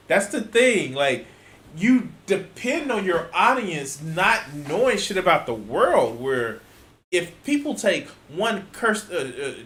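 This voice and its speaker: A man's voice: a little high, a bit bright. Exasperated, sweary man in an echoey room. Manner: exasperated, profane, sarcastic. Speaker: reaction video host. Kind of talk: ranting reaction commentary.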